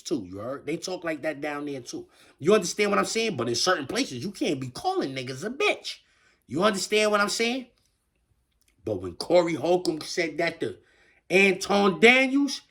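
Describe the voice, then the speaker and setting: A man's voice: high voice, sharp tone. A man giving a casual commentary rant in slangy street talk, full of stammered restarts. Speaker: online commentator.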